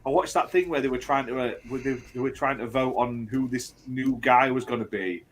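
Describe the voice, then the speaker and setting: A man's voice: mid-range voice, brisk, a little hiss or hum. A man on a podcast panel, chatting jokily and swearing casually. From United Kingdom. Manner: jokey, swears, says mate. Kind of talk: casual chat.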